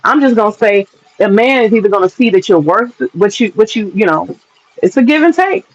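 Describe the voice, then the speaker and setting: A woman's voice: mid-range voice, expressive, brisk. Frank, laughing woman vlogger, lo-fi. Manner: frank, profane, laughs often. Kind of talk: casual opinion monologue.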